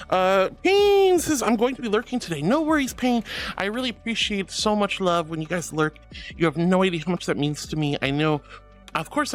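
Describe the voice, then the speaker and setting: A young woman streamer chatting playfully with her viewers, giggling often, with faint music behind her. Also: mid-range voice. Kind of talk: casual live-stream chat.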